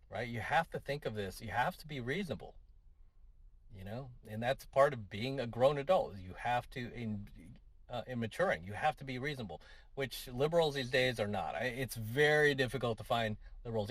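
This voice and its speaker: A man's voice: mid-range voice, no echo. A man giving an opinionated commentary monologue to his viewers, conversational and full of tag questions and repeats. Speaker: commentary vlogger.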